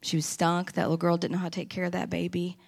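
Gravelly, low-voiced woman giving testimony. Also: quick pace. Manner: earnest, animated storytelling. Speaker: church member giving testimony. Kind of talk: personal testimony.

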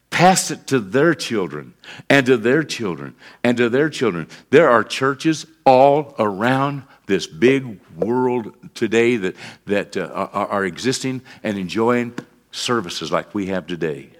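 A man's voice: mid-range voice, sing-song, a little slow, fairly bright tone. A middle-aged man, preaching a sermon in a folksy style full of repeated phrases and asides. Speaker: pastor.

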